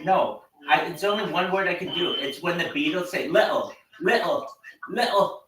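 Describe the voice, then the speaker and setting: A man's voice: fairly high pitch, a little fast, recorded from a distance, crowd noise. A man chatting playfully and teasingly on a livestream. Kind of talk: casual livestream chat. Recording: roomy sound from off the mic.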